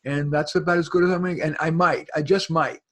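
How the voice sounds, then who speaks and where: A man's voice: a little high, fairly even intonation, fast talker. A man from New York giving rambling advice over a video call, full of restarts and fillers. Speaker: guest expert.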